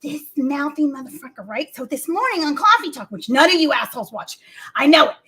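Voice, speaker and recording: A woman's voice: high-pitched, lively intonation, fairly quick, bright, forceful tone. A woman telling rambling, foul-mouthed stories in a casual comedic chat and acting out what others said.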